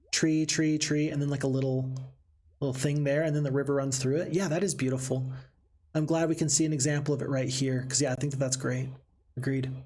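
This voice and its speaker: Chatty husky-voiced male game streamer. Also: on the high side. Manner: chatty, reads chat aloud, excitable outbursts. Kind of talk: live game commentary with chat.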